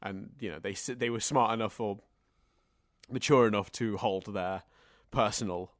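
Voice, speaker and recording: A man with a lowish voice speaks at normal speed in a clean studio recording with no room sound. As a podcast co-host in a casual discussion, he's chatty and rambles in long, winding sentences.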